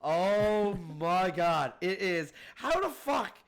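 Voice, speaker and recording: A man with a high voice joins a casual podcast chat. He laughs easily and keeps repeating the funny lines back for effect. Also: very animated, very slow, creaky.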